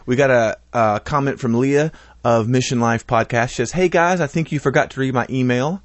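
A man's voice: medium pitch, fairly quick, no room sound. Guy cohosting a podcast, reads listener comments, jokes around a lot, dry close sound. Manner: joking, laughs often. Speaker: podcast co-host. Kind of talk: casual chat, reading listener feedback.

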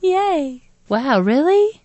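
A woman's voice: high-pitched, sing-song, very slow, darkish tone, dry recording, highs cut off. A woman co-hosting a podcast in a casual chat, talking playfully and telling stories about her child. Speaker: podcast co-host.

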